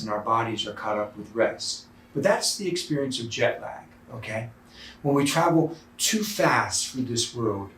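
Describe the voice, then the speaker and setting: A man's voice: mid-range voice, reverberant, far from the mic. A male priest giving a sermon in a conversational storytelling way with fillers, in a church.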